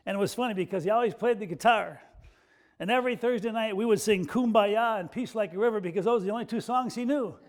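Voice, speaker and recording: Man preaching a sermon, high-pitched voice, folksy and self-deprecating, softens and slows for emotional parts. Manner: drops soft and slow for emotional moments. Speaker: pastor.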